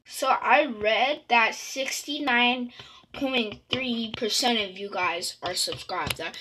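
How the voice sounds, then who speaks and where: A woman's voice: medium pitch, bright, forceful tone, slight background noise. A woman talking casually over her own gameplay, chatty, dropping into whispers and breaking into panicked squeals. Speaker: gaming channel host.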